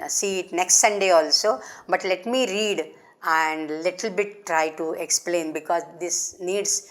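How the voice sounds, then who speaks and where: A middle-aged woman professor, giving a lecture, explaining slowly with restarts and chanting verse in a quick recitation. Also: lowish voice. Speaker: professor lecturing on Sanskrit drama. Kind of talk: academic lecture.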